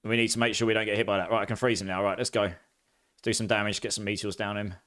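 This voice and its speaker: A man from near London with an Essex accent touched with posh, chatting through live gameplay and quick to laugh. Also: lowish voice, flat delivery, fairly bright tone. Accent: Essex mixed with a bit of posh English. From near London, England. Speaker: streamer.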